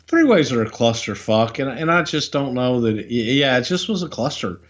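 A man's voice: mid-range voice, big pitch swings, moderate pace. Rambling man on a muffled line. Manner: rambling, with many fillers and restarts. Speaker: podcast co-host. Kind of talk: casual storytelling chat.

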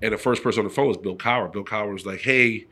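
A middle-aged man with a fairly low voice tells a long story in a relaxed interview. He acts out the people in it, pushing his voice up into their lines. He talks the easy, unscripted way of a former pro athlete being interviewed. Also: fast talker. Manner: animated storyteller acting out quoted voices. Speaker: former pro football player, guest.

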